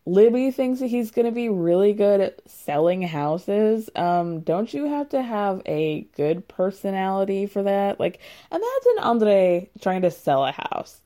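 Her voice sits in the mid range, very animated and warm, unhurried with few pauses. She's casually recapping a reality show, chatty and sarcastic, leaning heavily on "like" in easygoing conversation.

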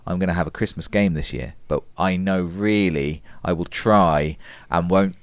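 A British man co-hosting a casual podcast, animated and quick to laugh. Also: sits low, clear, resonant tone, no room sound. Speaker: podcast co-host.

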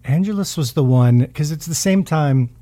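A man in his forties, a music manager, guesting on a podcast and talking in a low-key, self-deprecating, rambling way. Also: animated, normal speed, dark tone. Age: 40s. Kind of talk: casual podcast chat.

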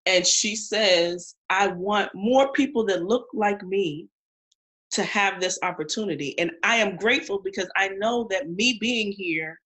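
A woman's voice: mid-range voice, fairly bright tone. A woman co-hosting a casual podcast chat, outspoken and emphatic, teasing her co-host. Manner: outspoken, emphatic, quick to tease.

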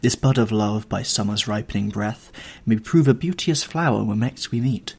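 A man reading the part of a rapturous young actress in a lyrical, lifted voice, with a husky tone. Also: lowish voice, moderate pace, darkish tone.

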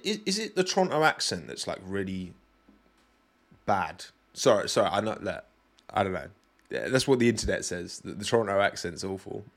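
A young man with a British accent, speaking in a somewhat low voice. He talks loosely and chattily on his own podcast, turning often to his listeners and poking fun at himself. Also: gravelly. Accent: British English. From Britain. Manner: chatty, rambling, self-deprecating, addresses the audience directly. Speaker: podcast host. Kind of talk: casual solo chat with live chat.

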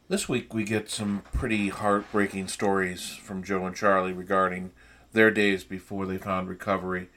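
A man's voice: fairly low pitch, a bit bright. A man giving an earnest, reflective scripted introduction as the host of a podcast.

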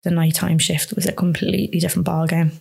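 Low, flat-voiced Irish woman telling her story. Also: fast talker, vocal fry, slightly rough. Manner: earnest, frank, lots of "like" fillers. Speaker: guest. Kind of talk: recounting a personal story in conversation.

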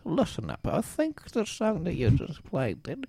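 A man voicing a soft-spoken male radio caller who hesitates and mumbles. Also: fairly high pitch, wildly swooping pitch, unhurried, creaky, husky, no echo, voice pushed up, full character voice. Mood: hesitant.

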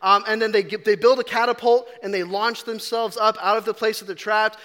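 Bright high-voiced man preaching in a hall. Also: steady tone, fairly quick. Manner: chatty, self-deprecating, frequent ums and restarts. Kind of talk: casual storytelling sermon. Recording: long reverb of a large hall.

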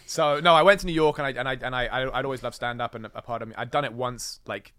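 A man's voice: mid-range voice, fairly even intonation, fast, sharp tone, no room sound. A man co-hosting a podcast in casual chat, rambling through stories and acting out the quoted lines. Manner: rambling storyteller, acts out quoted dialogue. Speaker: podcast co-host.

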